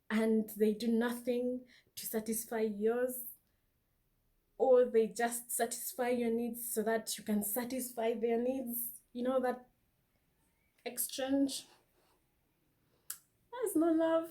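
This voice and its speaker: A woman vlogger speaks slowly to camera in a casual monologue offering dating advice, her mellow voice on the high side. She is emphatic and earnest, stretching words for stress, and turns preachy as she quotes scripture.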